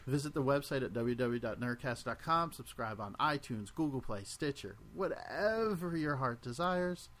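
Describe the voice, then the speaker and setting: A man's voice: medium pitch, lively intonation, moderate pace, few pauses, a bit bright. Laid-back male podcast host. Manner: joking, laid-back, rattles off plugs. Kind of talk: casual podcast chat.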